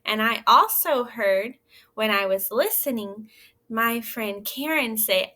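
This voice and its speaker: A woman teaching young children in a recorded lesson, reading a story aloud and asking gentle, encouraging questions. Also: fairly high pitch, slow pace. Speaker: elementary school teacher.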